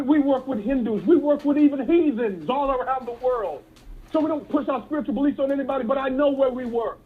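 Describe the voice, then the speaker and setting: Man, motivational trainer, very high pitch, emphatic repeated lines, phone-like sound. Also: slightly rough. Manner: emphatic and repetitive, building to shouts. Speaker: network marketing trainer. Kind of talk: fiery motivational speech.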